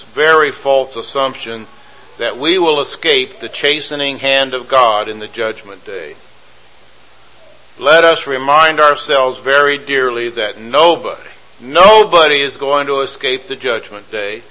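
Emphatic bright-voiced male preacher. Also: mid-range voice, poor audio. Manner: emphatic, repeats phrases for effect, rhetorical questions. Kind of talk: sermon.

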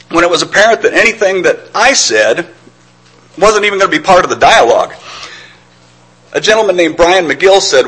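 Husky-voiced man preaching a sermon. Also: a little high, fairly bright tone, rough recording. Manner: earnest, reflective, with stammered restarts.

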